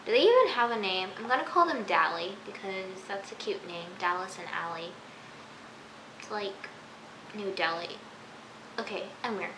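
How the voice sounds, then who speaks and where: A woman's voice: medium pitch, expressive, normal speed, long pauses, background noise. A teenage girl reviewing a TV episode in a casual, rambling, exasperated way, full of "like" and repeated phrases. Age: teens. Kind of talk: casual recap vlog. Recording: echoey room.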